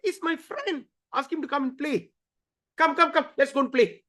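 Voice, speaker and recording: A man's voice: extremely high pitch, normal speed, pushed and bright, pitched above the performer's own voice. A man putting on an eager cowherd boy. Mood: eager, insistent. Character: playful innocent cowherd boy calling his friend.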